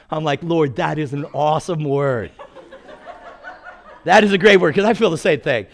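A man's voice: fairly high pitch, animated, normal speed, gravelly. A man in his sixties preaching a sermon in a storytelling way, acting out quotes and laughing at his own stories.

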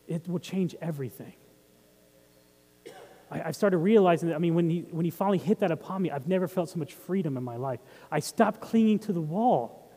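A man's voice: on the high side, mellow, slightly rough, long reverb tail. A man preaching a sermon as pastor, talking in a conversational way and putting questions to the congregation. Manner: conversational, asks the audience questions.

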